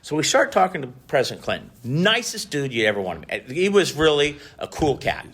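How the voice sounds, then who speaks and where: A man hosting a podcast interview, chatting casually and telling animated stories with frequent laughs. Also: on the high side, brisk, breathy edge. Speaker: podcast host, industry association past officer.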